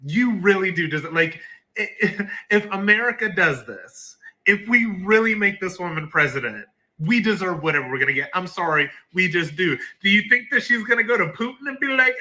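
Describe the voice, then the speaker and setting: A man's voice: sits high, expressive, brisk, sharp tone, dry recording. A man ranting on a commentary vlog, incredulous and mocking, often breaking into laughter. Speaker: commentary vlogger. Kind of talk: excited opinion rant.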